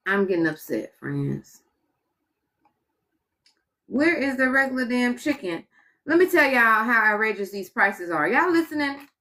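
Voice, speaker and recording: Bright-voiced exasperated woman streamer. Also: a little high, sing-song, measured pace, long pauses. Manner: exasperated, muttering asides to viewers. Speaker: live streamer. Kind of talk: casual live-stream chat.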